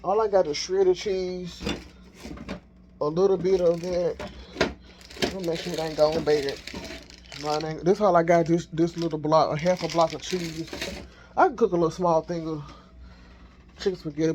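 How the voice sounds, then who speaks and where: A man vlogging casually from his home kitchen on a handheld phone, thinking out loud as he cooks. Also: fairly high pitch, fairly even intonation, moderate pace, pauses often, slight background noise. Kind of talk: casual chat while cooking.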